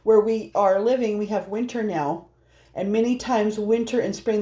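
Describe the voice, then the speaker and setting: A woman's voice: mid-range voice, moderate pace, mellow. A woman doing a casual, rambling tarot reading, chatty and laughing often. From Norwegian heritage. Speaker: tarot reader.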